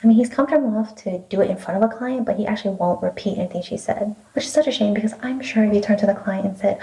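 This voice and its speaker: Young female vlogger, quick and biting, warm low-key timbre, swears freely in a heated storytime rant. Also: creaky, low-quality recording. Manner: sarcastic, profane, heated; drops into whispered asides. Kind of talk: ranting storytime.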